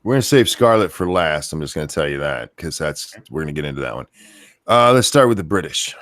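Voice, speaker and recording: A man's voice: extremely low pitch, animated, fairly quick, a bit bright, no room sound. A man co-hosting a casual podcast, reading out viewer messages and making dry sarcastic quips. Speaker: podcast co-host. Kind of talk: casual chat.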